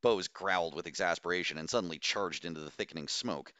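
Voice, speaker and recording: A man narrates a novel in a steady, measured way. His voice sits low, with a forceful, bright edge. The sound is dry and close, with no room around it. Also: dry recording. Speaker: audiobook narrator. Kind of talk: scripted audiobook narration.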